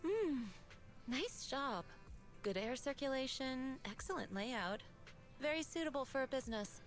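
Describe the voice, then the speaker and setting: A serene young mystic in a game, composed and formal, every sentence measured and unhurried. Her voice sits a little high, and soft game music hums faintly underneath. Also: animated. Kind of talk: game voice acting.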